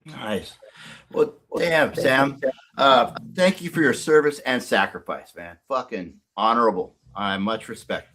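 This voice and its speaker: A man's voice: medium pitch, a little slow, fairly bright tone. Candid, profane man telling his story. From Northern California. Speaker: guest. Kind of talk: casual podcast conversation.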